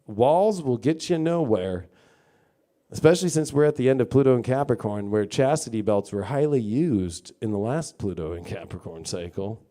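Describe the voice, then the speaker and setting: A man's voice: mid-range voice, dark tone. A man giving a casual live-stream tarot and astrology reading, rambling, swearing freely and acting out mocking quotes. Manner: rambling, filler-heavy talk.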